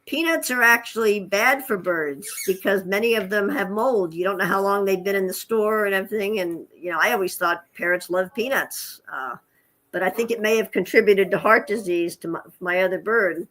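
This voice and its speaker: In a rough recording, a woman with a somewhat bright, medium-pitched voice talks at a moderate pace. She is an interview guest who works in hospice nursing and animal rescue, sharing chatty stories, laughing often, and speaking to her pet parrot.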